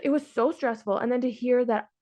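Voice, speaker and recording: A woman's voice: fairly high pitch, fairly quick, warm tone. A woman hosting a casual podcast chat, telling her own story frankly and acting out the other people's lines in quotes. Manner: frank, exasperated. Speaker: podcast host sharing her surrogacy story.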